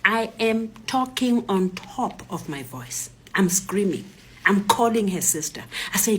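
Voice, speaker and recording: A middle-aged woman with a South African accent telling a personal story, her soft, breathy delivery rising to urgent emphasis. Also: medium pitch, lively intonation, a little slow.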